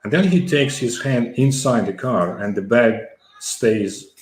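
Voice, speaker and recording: In an echoey room, a middle-aged former Soviet man tells a long story as an interview guest, stumbling through fillers and restarts. His mid-range voice moves a little slowly in this conversational storytelling.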